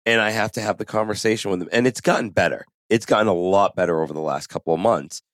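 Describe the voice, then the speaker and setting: A man's voice: on the low side, fast, a bit bright, dry recording, clean studio sound. A man co-hosting a podcast, chatting casually with anecdotes and repeating points for emphasis. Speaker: podcast co-host.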